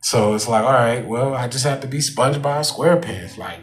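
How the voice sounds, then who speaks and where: A man's voice: mid-range voice, a little fast. Rambling man venting in a vlog. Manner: rambling, repetitive asides. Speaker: vlogger. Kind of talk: casual vlog monologue.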